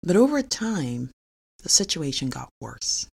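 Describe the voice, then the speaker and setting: Creaky-voiced woman telling a personal story. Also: sits low, sing-song, measured pace, darkish tone. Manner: earnest and confessional, with small laughs. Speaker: physician and researcher.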